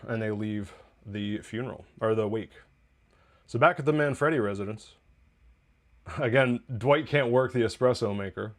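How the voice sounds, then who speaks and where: A man's voice: lowish voice, normal speed, long pauses. A man hosting a TV review podcast, recapping an episode in a loose, chatty way with profane asides and laughs.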